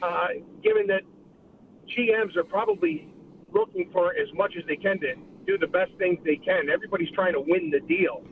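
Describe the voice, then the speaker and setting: High voiced guy calling the radio show, lots of uhs, phone line sound, a bit of hiss. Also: big pitch swings, vocal fry. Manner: halting, many uh fillers. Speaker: caller. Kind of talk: call-in radio comment.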